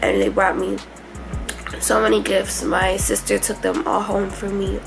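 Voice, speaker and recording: A young woman telling her hospital story to camera in a casual vlog, emotional and rushed, with many fillers. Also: mid-range voice, fairly even intonation, creaky, music in the background, poor audio. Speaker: vlogger. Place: hospital room.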